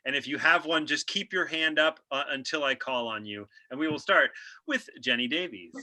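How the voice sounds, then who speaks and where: A man's voice: on the high side, moderate pace, pushed and bright, rough recording. A man hosting an improv show over a video call, chatty and laughing often as he calls on players.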